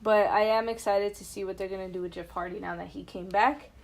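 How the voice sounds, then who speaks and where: A woman's voice: medium pitch, a little fast, creaky. Chatty woman podcast co-host. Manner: chatty and animated, with many fillers and restarts. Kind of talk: casual chat.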